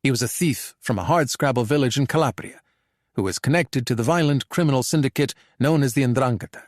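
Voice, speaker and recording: A man narrating a thriller audiobook in a measured, even storytelling manner. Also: medium pitch, no room sound, clean studio sound.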